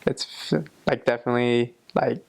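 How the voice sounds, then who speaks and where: A man's voice: mid-range voice, fairly even intonation, moderate pace, gravelly. A young man talking casually about his travels, loose and chatty with many fillers and laughs at himself. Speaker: traveler sharing experiences. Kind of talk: casual vlog talk.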